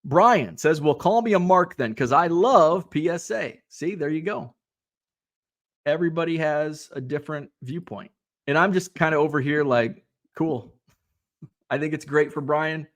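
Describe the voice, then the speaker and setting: A man chats casually through a hobby livestream, his voice sitting a little high. He rambles, drops fillers and reads viewers' comments aloud as they come in. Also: a little slow. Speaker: livestream host reading chat.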